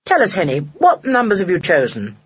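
A practical man with dry wit, as a reader voices him, who speaks in a measured way. His voice is husky and breathy and moves up and down in a lively way. The storybook recording sounds dull and lo-fi. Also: mid-range voice, heavily acted.

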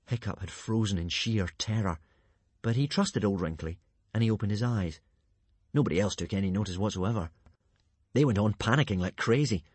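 A man reading a story aloud with lively, dramatic narration. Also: on the low side, moderate pace, husky, no echo.

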